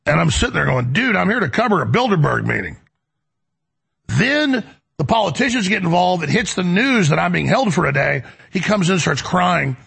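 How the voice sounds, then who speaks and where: Gravelly raspy-voiced male talk host. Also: fairly high pitch, lively intonation, a little fast, a bit bright. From United States. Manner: emphatic, rambling, repeats words. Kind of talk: heated talk radio monologue.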